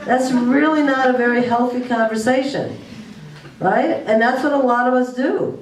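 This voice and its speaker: A woman's voice: on the high side, unhurried, a little mellow, a little hiss or hum. A woman giving a presentation to parents, offering earnest advice and checking in with tag questions. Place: school room, recorded from afar. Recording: echoey room, distant mic.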